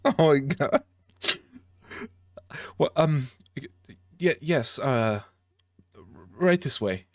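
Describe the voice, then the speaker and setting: Casting: a man playing a jumpy dwarf librarian, stammering, pitched up and loud, dry close sound. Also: animated, very slow, pauses often, dry recording. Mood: flustered. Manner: stammering, anxious and rambling. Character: nervous, jittery male dwarf librarian.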